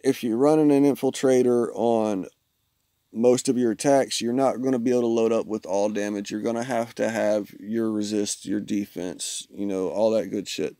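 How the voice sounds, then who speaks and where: Gravelly casual male game streamer. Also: on the low side, steady tone, normal speed, dark tone, dry recording, studio quality. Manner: rambling, jokey, talks to chat and friends. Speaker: live streamer. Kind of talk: casual gameplay commentary.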